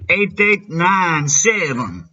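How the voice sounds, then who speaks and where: Man doing a fake Mexican accent, stammering, tripping over words; bright tone, dull audio. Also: high-pitched, very animated, extremely slow, full character voice. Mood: bumbling. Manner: stammering, hesitant, repeats words.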